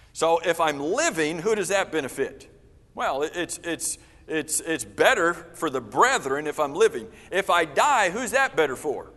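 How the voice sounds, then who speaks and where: A man teaching an interactive Bible class, explaining Greek tenses and repeating key words for emphasis. His voice sits fairly high for a man. It rings out through a church room with long reverb. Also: a bit bright. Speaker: preacher leading a Bible class.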